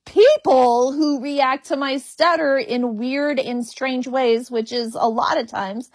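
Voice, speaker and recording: Woman, stutters on first sounds, frank and funny, slow unhurried delivery, dry close sound. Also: high voice, no room sound. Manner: frank and humorous. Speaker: comedian guest. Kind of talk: candid interview conversation.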